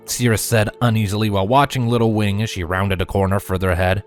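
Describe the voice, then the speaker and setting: A man reading a fan story aloud in a wry, expressive narrating voice. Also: on the low side, fast talker, few pauses, faint music behind. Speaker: fanfiction reader.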